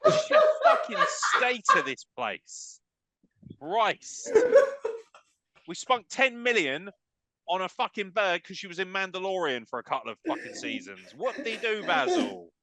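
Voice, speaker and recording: A man's voice: high-pitched, very animated, measured pace, crowd noise. A British man hosting a podcast, ranting in a crude, mocking way with constant swearing and bursts of laughter. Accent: British English. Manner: profane, mocking, breaks into laughter. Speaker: podcast host. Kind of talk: crude comedic rant.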